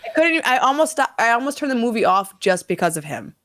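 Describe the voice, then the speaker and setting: A woman's voice: fairly high pitch, big pitch swings, fast talker, fairly bright tone. A woman co-hosting a live podcast, chatting casually and bluntly, with lots of jokes and "like" fillers. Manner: blunt, joking, says "like" a lot. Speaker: podcast co-host.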